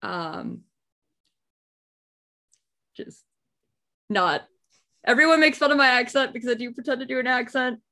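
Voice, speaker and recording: A woman's voice: sits high, expressive, a little slow, long pauses, bright, forceful tone. A young woman in casual podcast chat, rambling and chatty with laughing asides.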